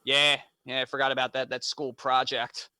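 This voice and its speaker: A young man co-hosting a podcast, telling childhood stories in casual chat with quick laughs. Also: mid-range voice, smooth. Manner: animated storytelling, quick laughs. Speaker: podcast co-host.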